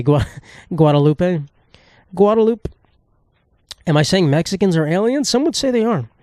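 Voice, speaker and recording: A man's voice: on the high side, darkish tone, no room sound, clean studio sound. A man in his twenties hosting a solo comedy podcast, ranting profanely and sarcastically, jumping into silly voices. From United States. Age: 20s. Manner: profane, rambling, sarcastic, with sudden jumps into silly put-on voices. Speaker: podcast host.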